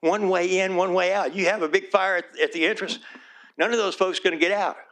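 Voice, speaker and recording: A man's voice: sits high, fairly even intonation, brisk, fairly bright tone. Pleading small-town mayor, a man. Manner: earnest and pleading, repeats "please", voice turns emotional. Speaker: small-town mayor speaking at a city board meeting. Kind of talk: public comment at a city council meeting.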